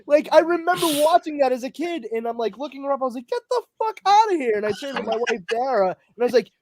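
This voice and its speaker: A man's voice: extremely high pitch, fast, slight background noise. A man co-hosting a podcast, chatting casually about movies, swearing freely and joking at his own expense. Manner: animated, swears freely, self-deprecating humor. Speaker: podcast co-host. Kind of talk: casual chat.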